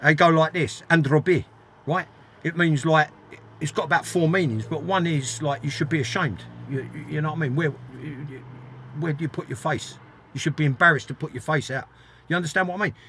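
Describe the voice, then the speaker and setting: A little fast, with a fairly bright voice on the high side, an older former footballer tells blunt stories as an interview guest. He swears freely, speaks emphatically, and keeps repeating his points, over slight background noise.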